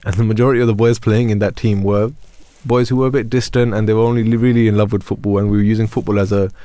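A man's voice: lowish voice, level tone, very fast, mellow, no room sound. A young man, an imam on a discussion panel, speaking earnestly and retelling scenes in quoted dialogue. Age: young adult. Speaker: imam and youth worker.

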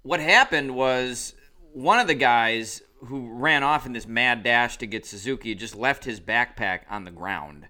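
Man with a bright, smooth voice. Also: medium pitch, unhurried. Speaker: podcast co-host. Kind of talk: casual storytelling chat.

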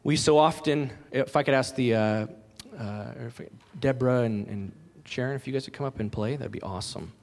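A man's voice: medium pitch, a little fast, few pauses, big-room sound. A man in his thirties preaching a sermon, earnest and emphatic, repeating his key phrases. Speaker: pastor.

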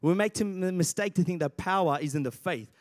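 Speaking a little fast in a voice that sits high, a lively pastor acts out Bible voices and calls out to the congregation during his sermon. The recording is dry and of studio quality.

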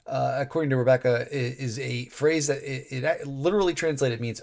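A man's voice: medium pitch, steady tone, moderate pace, vocal fry, hardly any pauses. A man co-hosting a casual podcast chat. His delivery rambles and restarts, with wry asides thrown in. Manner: rambling, wry, self-interrupting. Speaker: podcast co-host.

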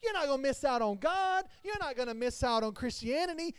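A man, a pastor, preaching a sermon to his congregation with his voice rising and falling in loudness. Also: very high voice, lively intonation, a little fast, no room sound.

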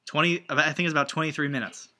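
Man, podcast co-host, dry deadpan, very bright tense tone, casual comedic chat. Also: a little high, fast. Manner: dry, matter-of-fact deadpan.

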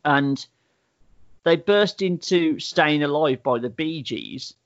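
A man's voice: a little high, animated, slow pace, dull audio. A man in casual chat, recapping and reviewing a TV show in a rambling way, full of "like" fillers and swearing. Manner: rambling storyteller, many "like" fillers, swears freely.

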